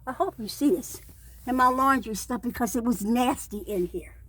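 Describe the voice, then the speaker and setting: A woman's voice: a little high, moderate pace, a bit bright, breathy edge, poor audio. An older woman filming a walkthrough of her kitchen on her phone, out of breath and insistent, often asking "okay?". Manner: insistent, keeps saying okay. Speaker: vlogger. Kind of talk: home video walkthrough. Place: small home kitchen, indoors.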